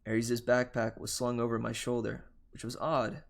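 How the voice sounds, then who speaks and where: A man reading a novel aloud on a livestream, telling the first-person story in a steady, unhurried way. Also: medium pitch, gravelly. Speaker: livestream reader.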